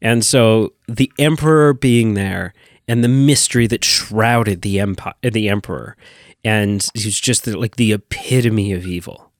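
The clean, dry studio recording captures a fairly low-pitched man speaking unhurriedly. He's a podcast co-host in casual chat, talking enthusiastically and rambling with lots of restarts.

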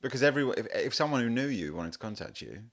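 A man's voice: medium pitch, big pitch swings, fast talker. A man co-hosting a comedy podcast as its producer, laid-back and laughing often in casual chat.

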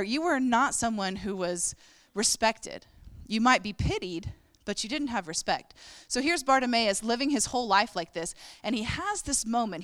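A woman's voice: mid-range voice, a bit bright, no echo. A woman preaching a sermon, telling the story with animation and acting out the characters' voices.

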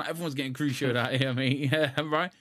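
Fairly bright and a bit quick, this young man's mid-range voice stays fairly even in intonation. As co-host of a casual video game podcast, he rambles, restarts often, and laughs at his own jokes.

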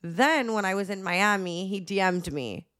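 A woman's voice: mid-range voice, expressive, normal speed, a bit bright. A young woman in her twenties co-hosting a podcast, telling travel stories in casual chat, leaning on "like" and acting out what people said. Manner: chatty storytelling, heavy use of "like", acts out quotes. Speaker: podcast co-host.

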